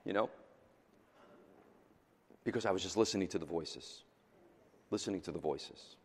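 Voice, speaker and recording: A middle-aged male pastor preaching a sermon, swinging between loud exhortation and quiet, intimate asides. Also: deep voice, normal speed, breathy edge. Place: church sanctuary. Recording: long hall reverb in a church sanctuary.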